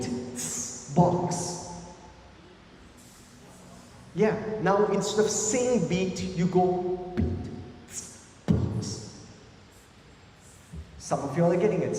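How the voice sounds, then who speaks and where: A man's voice: on the high side, mellow, a little hiss or hum. Playful man talking in an echoey hall. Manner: playful, self-mocking, coaxing the crowd. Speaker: musician and beatboxer. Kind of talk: live talk to an audience, singing and demonstrating. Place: hall with a live audience.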